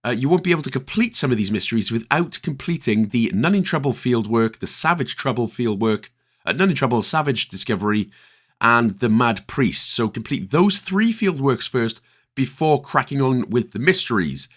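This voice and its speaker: A video game guide creator with a Northern Irish accent talks through a walkthrough in a medium-pitched, slightly bright voice. His intonation is lively and his pace moderate, and the casual commentary is chatty and full of jokey asides.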